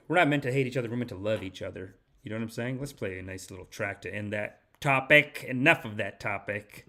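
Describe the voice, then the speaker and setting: A man hosting a comedic podcast monologue, rambling and animated, sometimes slipping into a mock spiritual-guru pitch. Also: normal speed. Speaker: podcast host.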